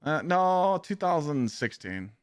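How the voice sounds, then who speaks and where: A man streaming a game who tells a long anecdote in a casual, profane, animated way and acts out the lines of the people in it. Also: fairly high pitch, slow pace, clean tone. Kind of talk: casual storytelling while gaming.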